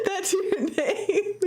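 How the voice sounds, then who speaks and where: A woman streaming a game live, talking playfully to her chat and laughing often. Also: very high-pitched.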